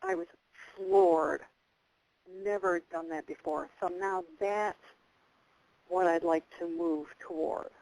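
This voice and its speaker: Middle-aged woman, low gravelly voice, rambling radio guest with lots of fillers. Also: big pitch swings, slow, darkish tone, no echo, low-quality recording. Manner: chatty, rambling, many fillers and restarts. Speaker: guest psychic medium. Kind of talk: casual storytelling on a radio interview.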